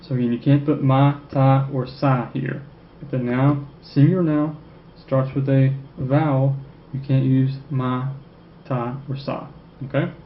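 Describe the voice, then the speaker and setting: A man teaches French in a recorded classroom lecture, speaking in a mid-range voice with little pitch movement. He constantly checks in with "okay?" and repeats French phrases slowly. The room is echoey, and the sound is dull and lo-fi with faint noise.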